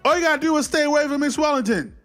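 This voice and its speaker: A man giving a casual, animated movie recap, swearing freely and acting out the scenes as he goes. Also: very high-pitched, rapid-fire, faint music behind. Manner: animated, profane, acts out scenes. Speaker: film reviewer.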